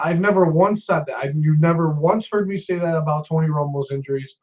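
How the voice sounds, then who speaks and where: A man with a fairly high voice rants in an upset sports vlog, swearing and circling back over the same points. The recording sounds dull and lo-fi. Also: fairly quick, hardly any pauses. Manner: agitated, swearing, repeats himself. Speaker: sports fan vlogger.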